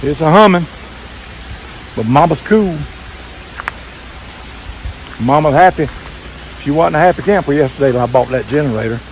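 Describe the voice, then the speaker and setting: An older man with a drawl narrates his own hike outdoors, breathing a little hard as he climbs. His voice sits a bit high for a man, and he rambles on in a relaxed, folksy way. A faint hiss of outdoor air hangs behind him. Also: moderate pace, pauses often, rough recording. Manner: folksy, rambling, talks to himself while walking. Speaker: RV vlogger. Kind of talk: casual hiking vlog narration. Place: wooded trail outdoors by a waterfall. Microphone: handheld camera while hiking.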